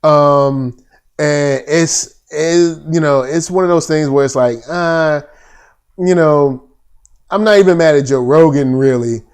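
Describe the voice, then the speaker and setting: A man's voice: fairly high pitch, slow, clean tone. A man co-hosting a casual commentary show, talking bluntly in slang with lots of restarts. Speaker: podcast co-host.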